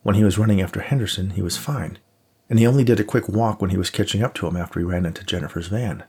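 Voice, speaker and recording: A male audiobook narrator with a low, gravelly and somewhat husky voice. He reads in a steady, measured manner. It is a plain storytelling read.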